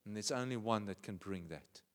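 A male pastor with a South African accent preaching a sermon, swinging from hushed, prayerful tones to loud, passionate cries. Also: fairly low pitch, brisk, big-room sound.

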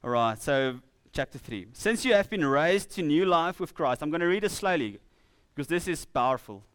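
A South African man preaching to a congregation in an earnest, conversational way. His voice sits a little high and is smooth and clear. He slows right down when he reads scripture aloud, and the recording is close and dry. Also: lively intonation, fairly bright tone, no echo. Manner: earnest, with laughing asides and slow emphatic scripture reading. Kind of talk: sermon. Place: church.

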